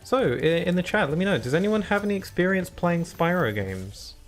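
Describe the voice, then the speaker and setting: A man's voice: sits high, big pitch swings, a little fast, faint music behind. Chatty male game streamer. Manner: chatty and rambling, talks to chat between laughs. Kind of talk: casual live-stream commentary.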